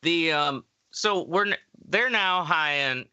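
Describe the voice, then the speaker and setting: Bright-voiced man rambling through a story. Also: a little high, slow pace, clear, resonant tone, no room sound, highs cut off. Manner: rambling, full of fillers and acted-out quotes. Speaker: podcast co-host telling a story. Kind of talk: casual storytelling chat.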